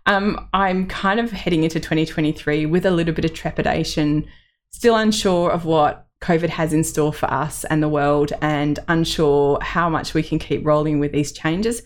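A woman's voice: low-pitched, steady tone, normal speed. A middle-aged woman hosting her own podcast, talking candidly and personally with fillers and small laughs. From Australia. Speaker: podcast host. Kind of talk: reflective solo podcast.

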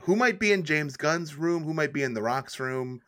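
A man's voice: a little high, animated, moderate pace, pushed and bright. A man hosting a comedy podcast in a playful, teasing way, often laughing. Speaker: podcast host. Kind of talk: casual comedy chat.

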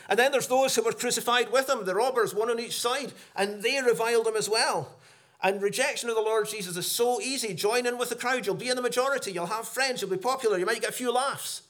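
A middle-aged man preaching a sermon, earnest, rising for emphasis and dropping low for solemn points. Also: fast, a bit bright.

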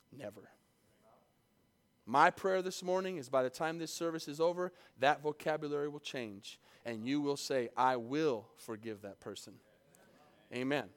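A man preaching a sermon in church, reading scripture and calling out to the congregation, swinging from emphatic peaks to quiet asides. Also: sits high. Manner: preaching with call-and-response, rising to emphatic peaks and dropping to soft asides. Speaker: pastor. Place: church service.

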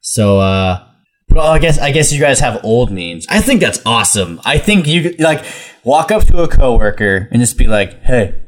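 A man's voice: medium pitch, big pitch swings, normal speed. A man appearing as a guest on a podcast, rambling playfully about memes. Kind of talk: casual podcast chat.

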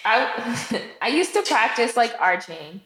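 A woman's voice: a little high, takes it slowly. Slangy woman, echoey room. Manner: relaxed, slangy, swearing. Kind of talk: casual explicit chat.

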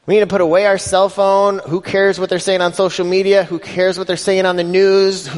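Pastor guy preaching, kinda high voice, big echoey church hall, talky and emphatic. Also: level tone, a little fast. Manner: conversational preaching, rising emphasis, quoting scripture in voices. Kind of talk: sermon. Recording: long hall reverb.

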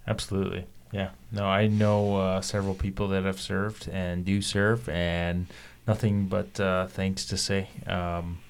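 A man co-hosting a medical podcast in a casual, halting way, with many filler words. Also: sits low, level tone, creaky, smooth. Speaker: podcast co-host, emergency physician.

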